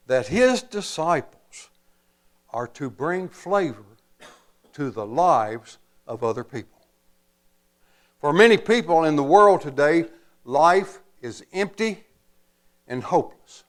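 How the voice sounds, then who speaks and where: Male pastor, sermon delivery, animated pitch, deliberate slow pacing, emphatic. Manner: slow, emphatic preaching with long pauses and folksy asides.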